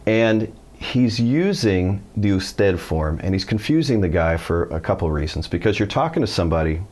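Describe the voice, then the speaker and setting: A middle-aged American man teaching a Spanish lesson in English, telling stories and acting out quoted speakers with lively pitch jumps. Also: normal speed. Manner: animated storytelling, acts out quoted voices. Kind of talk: video lesson.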